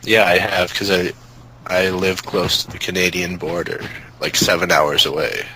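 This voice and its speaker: Deep-voiced Minnesotan man, teasing. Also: steady tone, moderate pace, sharp tone, slight background noise, low-quality recording. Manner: teasing, wisecracking. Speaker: podcast co-host. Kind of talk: casual podcast banter.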